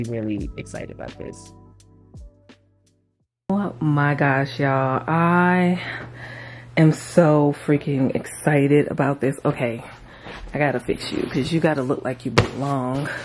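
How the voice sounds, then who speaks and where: Low-voiced gushing young woman. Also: a little mellow. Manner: gushing, says "y'all" and "oh my gosh" often. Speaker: vlogger. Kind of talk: excited home vlog chat.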